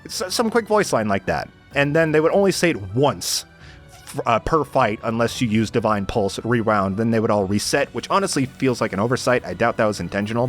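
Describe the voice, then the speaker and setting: A young man giving casual, exasperated game commentary, sarcastic and swearing often. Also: mid-range voice.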